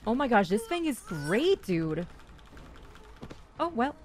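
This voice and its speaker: A young woman streams a game and chats through it, excitable and quick to repeat herself. Her voice sits a little high and swings widely in pitch. She talks straight to her teammates in a casual, running commentary. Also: a little hiss or hum. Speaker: gaming streamer.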